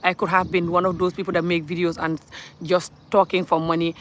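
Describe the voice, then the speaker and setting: A woman's voice: lowish voice, flat delivery, brisk. A woman from Gambia with a Gambian accent, talking bluntly and emphatically to camera in a vlog rant, often breaking into laughter. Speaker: vlogger. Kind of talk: ranting vlog monologue.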